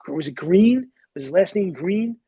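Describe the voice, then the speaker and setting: Profane animated storyteller man. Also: high-pitched, unhurried, husky, no room sound. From New York, USA. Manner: animated, profane, acts out quoted voices. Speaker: guest. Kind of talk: casual storytelling in conversation.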